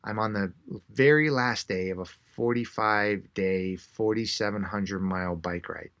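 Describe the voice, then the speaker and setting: A man, an author being interviewed, telling a story in an animated way and acting out the quotes. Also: lowish voice, unhurried. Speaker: author and guest.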